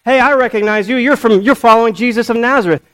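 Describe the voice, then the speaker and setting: A man's voice: very high voice, quick pace, fairly bright tone, voice pushed up, rough recording. A man voicing a bystander in a crowd who insistently accuses someone. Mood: accusing. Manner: pushy, accusing.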